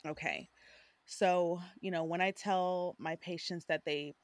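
A woman who is an OB-GYN guest on an interview, giving earnest advice and thinking out loud. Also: fairly low pitch, steady tone, measured pace, no room sound. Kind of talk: casual conversational interview.

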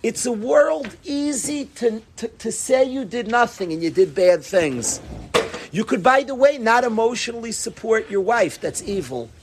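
A middle-aged man, a rabbi, giving an animated, conversational Torah talk to an audience, mixing in Yiddish and Hebrew words. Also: extremely high pitch, unhurried, noisy background.

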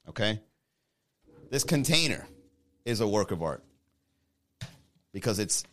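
A man's voice: medium pitch, fairly bright tone. A man hosting a live comedy podcast, rambling and joking about his sketch ideas. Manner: rambling, jokey, self-mocking. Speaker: podcast host.

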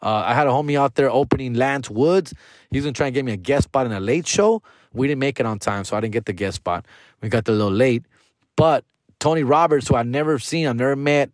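A man's voice: mid-range voice, dry recording, clean studio sound. Profane, slangy comedian man telling stories. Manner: profane slangy banter, calling listeners fool and dog. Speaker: stand-up comedian podcast host. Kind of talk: casual storytelling monologue.

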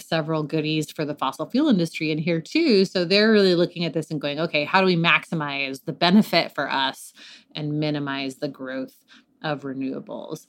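Animated woman co-host. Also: lowish voice. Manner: animated, swears freely, quick asides. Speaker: podcast co-host. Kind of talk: casual chat.

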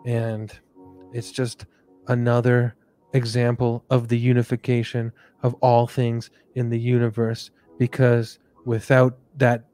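A man hosting, telling an improvised comic story in a rambling, relaxed way with many fillers. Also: medium pitch, clear, resonant tone, no room sound. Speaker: host.

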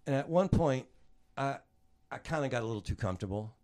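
A man with a New Orleans accent telling stories in a casual chat, animated and laughing, with the odd swear. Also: mid-range voice, brisk. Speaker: guest.

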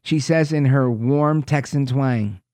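A man's voice: mid-range voice, slow pace, a little mellow, no echo. A man hosting a talk radio show, reading news aloud with sarcastic asides.

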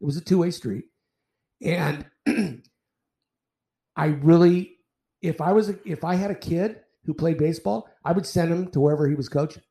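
A man's voice: fairly high pitch, normal speed, vocal fry, long pauses. Profane older man telling umpire stories. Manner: profane, animated anecdotes with repeated restarts. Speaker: retired baseball umpire. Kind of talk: casual storytelling in a podcast interview.

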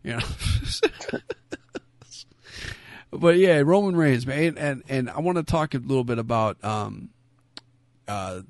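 Man, mid-pitched voice, relaxed jokey podcast chat, dry close mic. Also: dry recording. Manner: relaxed, jokey, fillers and quick asides. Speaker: wrestling podcast co-host.

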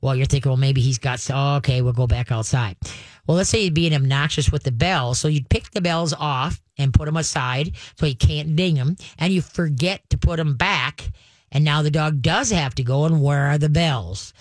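A man's voice: a little high, normal speed, dry recording. An older man hosting a call-in radio show, giving dog training advice in a folksy way and often addressing listeners as "folks". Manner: folksy, repeats "folks" and chants commands.

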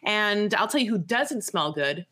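A woman's voice: medium pitch, unhurried. Gossipy woman podcast co-host. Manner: animated, gossipy, acts out quotes. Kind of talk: casual recap chat.

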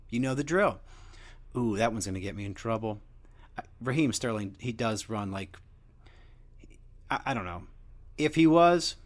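A man's voice: fairly high pitch, a bit bright. A young man hosting a show, rambling through a crude, joking casual monologue. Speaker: podcast host.

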